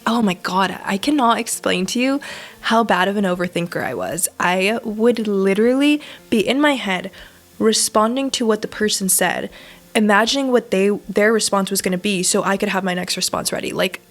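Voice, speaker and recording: Candid young woman vlogging, casual and emphatic. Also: mid-range voice. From Southern California. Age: 20s. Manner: casual, emphatic, frequent swearing and fillers. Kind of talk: candid personal vlog talk.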